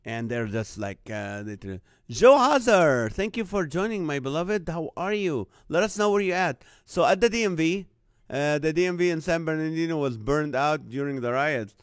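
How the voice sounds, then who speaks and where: A man's voice: on the high side, moderate pace, no echo, clean studio sound. A man from the Middle East hosting a live online show, telling a comic story and acting out other people's lines. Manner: animated, acts out other people's lines in a jumped-up voice. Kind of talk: comedic storytelling monologue.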